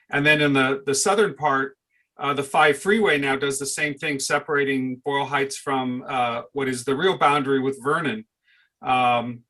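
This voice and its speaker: A man's voice: mid-range voice, a bit bright. A man, an author and historian, answering on a panel in a hesitant way with many fillers.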